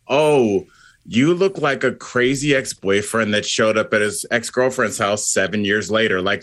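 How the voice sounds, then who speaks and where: A man's voice: medium pitch, fairly bright tone. Rambling, self-mocking comedian man. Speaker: comedian guest. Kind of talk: casual chat. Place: radio studio.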